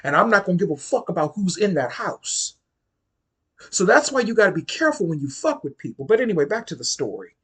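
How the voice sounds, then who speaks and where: This forties-aged vlogger from around Washington, D.C. has a husky, somewhat breathy voice and a sing-song, brisk delivery as he recounts a personal story on camera. He's blunt and swears, his pitch rises and falls a lot, and he drives points in through repetition.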